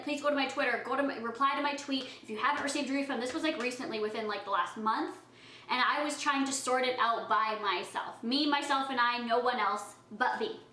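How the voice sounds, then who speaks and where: A young woman beauty vlogger talks casually while eating, sounding defensive and emotional. Her high, sharp voice echoes in the room, and the recording is rough.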